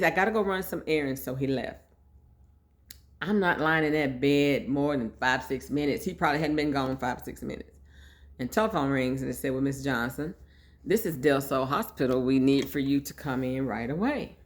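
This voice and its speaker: A middle-aged woman tells a personal story in a relaxed, chatty way. She is lively and animated and keeps slipping into the voices of the people she quotes. She laughs easily as she talks. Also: a bass voice, normal speed. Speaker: vlogger sharing her story. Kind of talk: casual storytelling.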